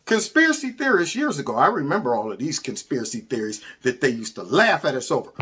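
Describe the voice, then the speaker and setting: A man hosting his own show, giving casual, mocking commentary on memes with frequent laughs and sudden high exclamations. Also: sing-song, quick pace, hardly any pauses, sharp tone, soft background music. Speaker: host of a commentary channel.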